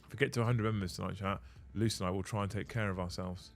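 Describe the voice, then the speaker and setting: A man's voice: sits low, steady tone, fast talker, gravelly, faint music behind. A man hosting a casual hobby live stream, reading chat aloud and trading sweary, teasing banter with his co-host.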